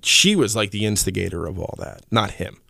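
A man hosting his own podcast in casual chat, rambling and animated, with lots of fillers and the odd curse. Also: lowish voice, brisk, gravelly, no echo, clean studio sound. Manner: rambling, animated storyteller with frequent fillers and profanity. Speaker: podcast host.

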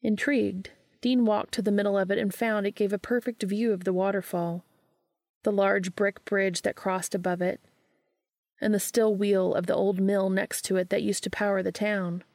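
A woman narrating a story aloud in a calm, even storytelling manner. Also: medium pitch, moderate pace, dry recording, studio quality. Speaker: podfic reader. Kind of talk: audiobook narration of fan fiction.

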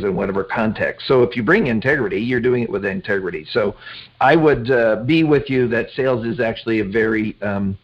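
A man hosting an interview, asking conversational, probing questions. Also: mid-range voice. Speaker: host. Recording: dull lo-fi audio.

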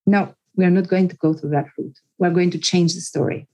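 A woman's voice: fairly low pitch, fairly even intonation, brisk, warm tone, low-quality recording. A woman psychologist, an interview guest, telling a personal story in an earnest way, repeating words and often restarting her sentences.

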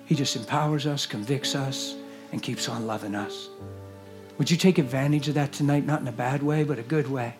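A man preaching a sermon and leading prayer, earnest, moving between hushed whispers and loud exclamations. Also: medium pitch, brisk, music in the background. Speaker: guest preacher. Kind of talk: sermon with altar call and prayer. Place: church service.

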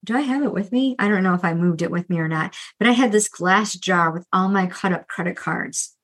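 A middle-aged woman and financial coach, talking candidly and earnestly about her own past with debt, restarting often and tossing in quick asides. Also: on the low side, fairly bright tone, rough recording. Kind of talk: candid solo podcast monologue.

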